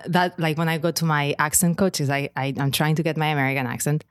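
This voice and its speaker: A young adult woman from Catalonia with a Catalan Spanish accent, chatting as a podcast guest in an animated, halting way. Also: low voice, smooth, no echo, studio quality. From Spain, Catalonia. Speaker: guest model. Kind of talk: casual podcast chat.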